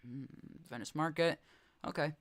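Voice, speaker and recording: A man's voice: a little high, moderate pace. A young man casually commenting on game footage during a live stream, rambling and correcting himself with chuckling asides.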